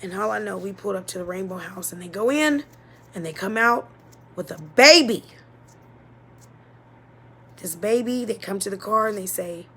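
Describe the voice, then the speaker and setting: A woman telling a painful childhood story as a personal testimony, halting and emotional, often dropping to a near-whisper. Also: mid-range voice, bright, forceful tone, a little hiss or hum. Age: adult.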